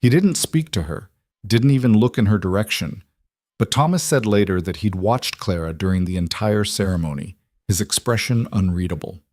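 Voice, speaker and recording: Male narrator, scripted story; measured, low, dry. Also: animated, darkish tone, no room sound.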